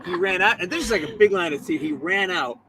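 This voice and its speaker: A man's voice: high-pitched, quick pace, very noisy. A middle-aged man hosting a casual interview, telling stories with a distinctive voice and acting out what people said. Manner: animated storyteller, acts out voices. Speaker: show host.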